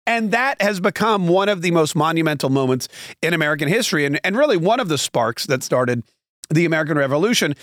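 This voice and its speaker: A man with a fairly high voice hosts a solo talk show and rambles through opinionated stories. He keeps doubling back with fillers and side remarks. The sound is close and dry, with no room around it. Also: fairly bright tone, no echo. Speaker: podcast and radio host.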